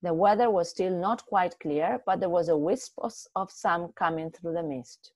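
A woman reading a short story aloud in a steady, expressive way, with a few small slips. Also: on the low side, normal speed, no room sound. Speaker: story reader.

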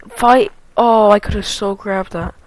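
A woman giving gameplay commentary, excitable and foul-mouthed, with loud sudden yelps and shouts between muttered remarks. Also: medium pitch, normal speed, low-quality recording. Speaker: let's play gamer.

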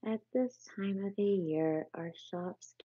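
A woman's voice: mid-range voice, slow pace, dark tone, breathy edge, no room sound, voice pushed up. A woman reading the part of a small, respectful field mouse in a bedtime storybook. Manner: polite, deferential. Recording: tinny phone-like sound, dry.

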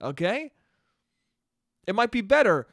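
Young guy, fairly high voice, dry close sound, swears a lot and mocks himself in a loose solo podcast rant. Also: very animated, measured pace, vocal fry, a bit bright, dry recording. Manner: profane, rambling, self-mocking. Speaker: podcast host and comedian. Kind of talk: casual solo podcast monologue.

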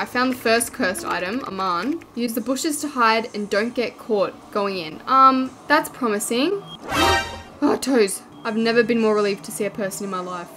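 An Australian woman commentating a video game she is playing. She is excitable, shrieking and joking as she goes. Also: on the high side. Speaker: gaming YouTuber. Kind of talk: let's play commentary. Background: game music.

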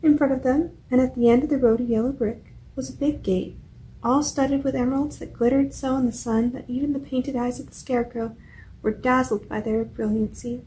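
Mellow-voiced woman reading a storybook aloud. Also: sits high, fairly quick, a little hiss or hum, low-quality recording. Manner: steady, clear read-aloud delivery. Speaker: library storytime reader. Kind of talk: reading a children's book aloud. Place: public library.

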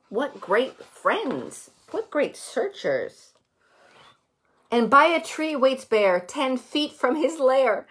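A woman reading a picture book aloud to young children, gentle and expressive, stopping to comment on the pictures and ask the kids questions. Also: high-pitched, slow, slightly rough. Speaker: children's story reader.

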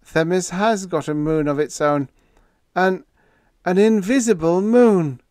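A man voicing a panicky young male spaceship officer who stammers in a high, strained voice. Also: normal speed, clean tone, no room sound, clean studio sound, lightly acted. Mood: hollow, shaken.

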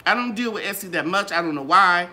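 An older woman talks to her viewers in a live gardening Q and A. Her voice swoops up and down in a sing-song way. Her tone is bright and ringing, like a trained singer's. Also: fast. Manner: animated, sing-song ups and downs in pitch. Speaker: gardening channel host. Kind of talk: live Q and A chat.

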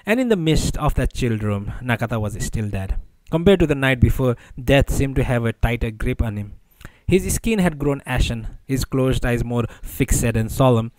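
A man's voice: mid-range voice, expressive, normal speed, darkish tone, no room sound, low-quality recording. Man narrating an audiobook.

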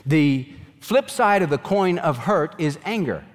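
A man's voice: on the high side, lively intonation, unhurried, in a large hall. A man preaching a sermon as pastor, earnest and emphatic, raising his voice in pleading questions.

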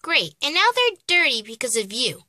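A woman playing a stern mother who scolds her daughters with sharp commands. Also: high-pitched, sing-song, normal speed, slight background noise, heavily acted. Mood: scolding.

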